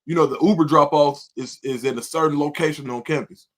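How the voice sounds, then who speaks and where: A man's voice: a little high, steady tone, fast talker, a bit bright. A man on a casual sports talk show describing his experience as a fan, talking in a rambling, enthusiastic way. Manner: rambling, many fillers and restarts.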